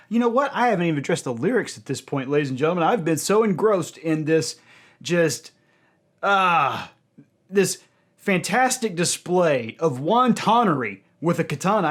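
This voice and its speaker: A man hosting a music video reaction, talking to his audience and breaking into loud cries of dismay and delight. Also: sits high. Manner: addresses audience as ladies and gentlemen.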